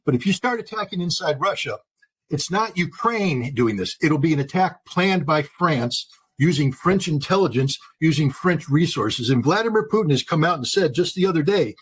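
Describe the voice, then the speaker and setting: Man, American accent, interview guest, emphatic, husky. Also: on the high side, rough recording. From United States. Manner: emphatic, forceful argument. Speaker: guest analyst. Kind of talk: interview commentary.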